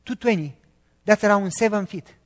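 A man preaching a sermon as a testimony story, animated, acting out the voices in it and speaking directly to listeners. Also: high voice, moderate pace, big-room sound. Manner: animated, acts out quotes, addresses listeners.

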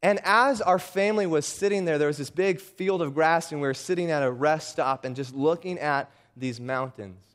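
A man's voice: on the high side, moderate pace, hardly any pauses. A middle-aged man preaching a sermon as pastor, folksy, telling stories and calling for an amen. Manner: folksy, calls for "amen" often.

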